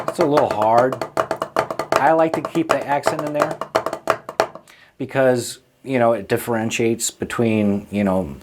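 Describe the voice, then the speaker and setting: A man's voice: medium pitch, heavy background noise. A man teaching a drum lesson in a patient, encouraging way, often checking in with the listener. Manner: casual, checks in with frequent "okay?" and "right?". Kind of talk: instructional explanation.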